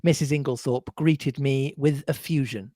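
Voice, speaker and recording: A podcast co-host reading a classic mystery aloud in an expressive, animated way. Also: mid-range voice, moderate pace, no echo. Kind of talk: reading a novel aloud with chat.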